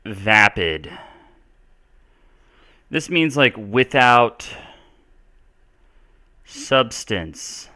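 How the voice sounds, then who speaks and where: Slow, chatty low-voiced American man. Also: big pitch swings, sharp tone. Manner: rambling, self-correcting, chatty. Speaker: English teacher. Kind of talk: casual live-stream Q&A lesson.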